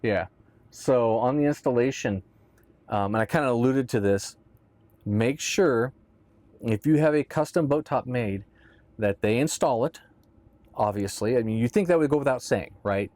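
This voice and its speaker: A man's voice: mid-range voice, normal speed, long pauses, darkish tone, dry recording. A man casually explaining boat gear in a conversational how-to talk, often checking in with "right?". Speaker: boat owner explaining boat tops.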